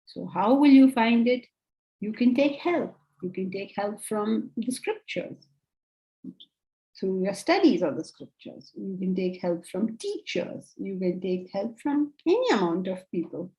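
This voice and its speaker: Woman, spiritual teacher, warm mellow tone, earnest lecturing. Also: medium pitch, unhurried, rough recording. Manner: earnest, animated, acts out quoted inner voices. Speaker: Vedanta teacher.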